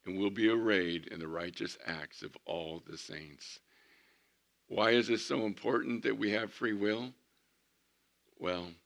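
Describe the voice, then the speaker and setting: A man preaching a sermon as pastor, animated, moving between loud emphatic lines and hushed ones. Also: fairly low pitch.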